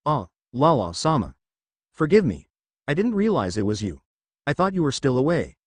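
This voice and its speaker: Busy respectful male doctor, lively inflection, dry sound, read by the narrator. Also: medium pitch, moderate pace, breathy edge, no echo. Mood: deferential. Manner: distracted, then deferential.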